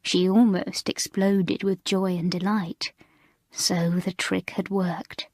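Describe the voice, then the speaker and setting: A woman reading a children's school story aloud in an expressive, measured narration. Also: lowish voice, no room sound, studio quality. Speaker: audiobook reader.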